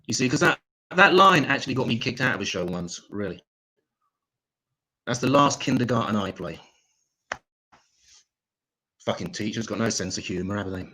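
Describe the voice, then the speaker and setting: Crude stand-up man, lively. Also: lowish voice, moderate pace, pauses often, slightly rough, poor audio. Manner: deadpan, crude one-liners. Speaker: stand-up comedian. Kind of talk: stand-up comedy set. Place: home, online comedy show.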